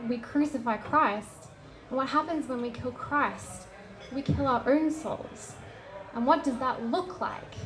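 A woman giving a lively, casual public talk on literature, acting out scenes as she goes. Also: high-pitched, rough recording. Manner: animated, casual, acts out quoted scenes. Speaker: lecturer.

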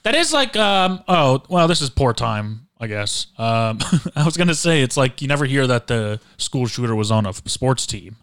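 A young man co-hosting a podcast, chatting casually with blunt, teasing, deadpan jokes. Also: mid-range voice, moderate pace, few pauses, clean tone, no echo, studio quality. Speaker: podcast co-host. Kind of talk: casual chat.

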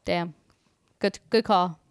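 A woman's voice: lowish voice, fairly even intonation, slow pace, smooth, no echo. Young woman, casual podcast co-host, foul-mouthed and chatty, clean, dry close-mic sound. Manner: chatty, swears freely, laughs often. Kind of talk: casual film review chat.

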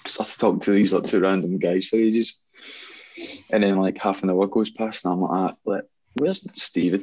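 A man's voice: low voice, steady tone, a little fast, darkish tone, slightly rough, highs cut off. A young man, a guest DJ, rambling through stories in casual chat, full of fillers and laughs. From Scotland. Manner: rambling storyteller, laughs often, many fillers.

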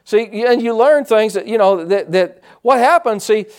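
A male pastor preaching a sermon, animated, acting out quotes and calling for responses from the congregation. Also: sits high, normal speed.

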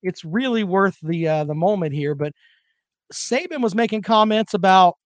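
A man's voice: sits high, expressive, normal speed, no echo, highs cut off. A man hosting a casual sports talk show, rambling and joking while he fumbles for clips.

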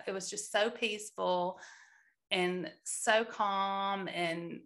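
A woman's voice: mid-range voice, measured pace, creaky, fairly bright tone. A woman in earnest storytelling mode, sharing a personal testimony of faith with some restarts.

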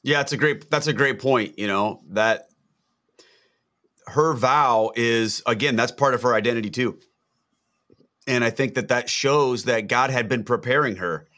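A man with a mid-pitched, everyday voice reflects earnestly on a Gospel reading. His speech is thoughtful and conversational, with frequent restarts. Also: a little slow, bright, forceful tone. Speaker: guest on a Gospel reflection show. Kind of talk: reflective faith discussion.

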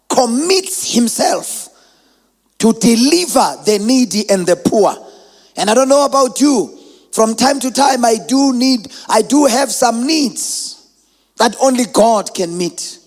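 A man preaching a sermon in a sing-song, chanting style that climbs into shouts. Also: extremely high pitch. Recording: long hall reverb.

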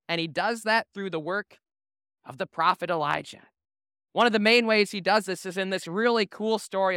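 Male pastor, casual humorous preacher, bright and smooth. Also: high voice, dry recording, studio quality. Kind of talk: sermon.

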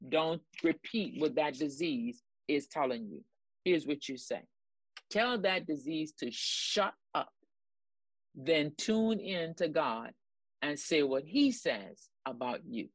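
A woman with a low, sing-song voice speaks slowly in a dry recording. As co-host of a ministry broadcast, she delivers preaching commentary in an emphatic, repetitive style, urging her listeners on with exclamatory praise.

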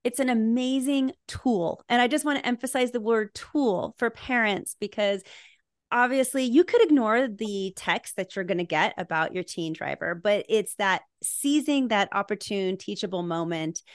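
A woman hosts a parenting podcast and keeps the interview moving with engaged follow-up questions. Her voice sits at a mid pitch and sounds dry and close, with no room echo. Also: normal speed. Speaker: podcast host.

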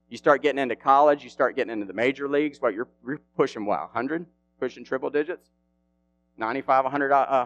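A man preaching a casual, animated sermon in an easygoing, slang-filled way. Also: medium pitch.

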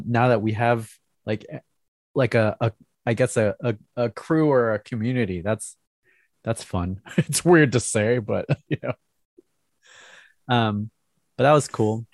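A man's voice: on the low side, measured pace, long pauses, dry recording, studio quality. A man co-hosting a casual chat over a video call, speaking hesitantly with frequent restarts and little laughs. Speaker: podcast co-host.

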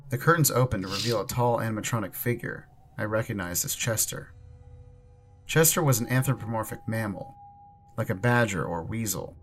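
A man narrating a horror story in a measured, ominous way. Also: lowish voice, slight background noise.

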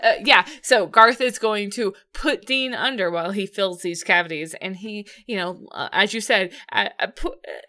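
A woman's voice: medium pitch, unhurried, sharp tone. A woman chatting casually as a podcast co-host, laughing often and acting out quoted lines. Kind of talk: casual recap chat.

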